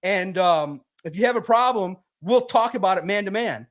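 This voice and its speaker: A sports publisher guesting on a sports podcast shares a story at normal speed in a high-pitched voice. His manner is energetic and laid-back, lively and animated like he's with friends.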